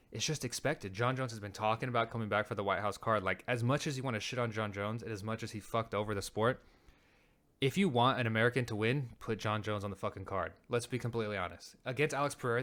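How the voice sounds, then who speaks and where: A male host talks at a rapid clip with a medium pitch. He swears freely and rants about the clips he plays in a heated commentary. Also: a bit bright. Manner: heated, profane, rapid ranting. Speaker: show host.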